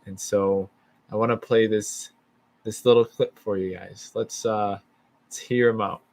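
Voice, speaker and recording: Slow-talking man opening a talk. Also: fairly low pitch, steady tone, vocal fry, a little mellow. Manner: unhurried, halting, chatty. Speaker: presenter. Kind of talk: casual talk to an audience.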